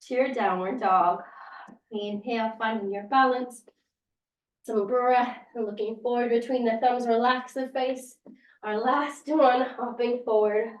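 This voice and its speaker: A woman's voice: on the high side, a little mellow, lo-fi sound. A woman teaching a yoga class, guiding moves and breaths and counting down with encouraging words. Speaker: yoga instructor. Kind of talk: guided yoga class instruction. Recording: roomy sound, distant from the mic.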